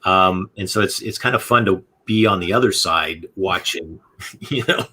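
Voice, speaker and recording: Podcast host, very low husky male voice, laid-back and rambling. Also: normal speed. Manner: relaxed, rambling, full of "you know" fillers. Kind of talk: casual interview chat.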